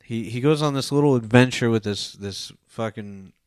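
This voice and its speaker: A man's voice: medium pitch, normal speed, a little mellow, smooth, no room sound, clean studio sound. A young man co-hosting a podcast, rambling through a film review with lots of fillers and casual swearing. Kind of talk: casual profane chat.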